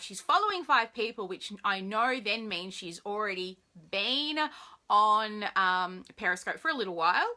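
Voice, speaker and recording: A woman's voice: mid-range voice, sharp tone. An Australian woman hosting a live stream, chatting casually and greeting viewers by name in a bubbly way.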